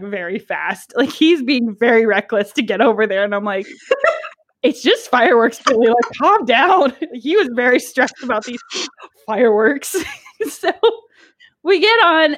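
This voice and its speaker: A young woman in her twenties chatting on a podcast, her voice sitting a little high. She tells a story in an animated, giggly way, full of "like" and quick asides. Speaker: podcast co-host. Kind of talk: casual chat, storytelling.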